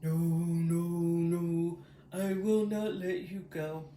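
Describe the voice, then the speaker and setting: A woman voicing a stubborn, dismissive male Egyptian king in a children's story, with flat, repetitive refusals. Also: on the high side, a little slow, a little hiss or hum. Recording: roomy echo.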